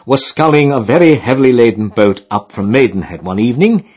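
Guy reading a funny old novel out loud, husky voice, very lively up and down. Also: medium pitch, lo-fi sound. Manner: wry, storytelling delivery. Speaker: audiobook narrator. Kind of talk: scripted narration of a comic novel.

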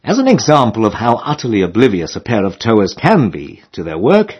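Husky, lively male narrator. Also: fairly low pitch, brisk, muffled recording. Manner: wry, storytelling delivery. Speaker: audiobook narrator. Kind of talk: scripted narration of a comic novel.

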